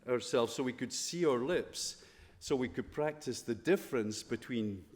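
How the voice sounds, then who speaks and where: A Scottish man speaks at a school chapel service, loose and playful rather than preachy. His pitch sits in an ordinary middle range for a man. The voice carries a long reverb from the chapel hall around him. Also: animated, moderate pace, darkish tone. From Scotland. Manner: conversational, playful, full of rhetorical questions. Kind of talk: informal chapel talk to students.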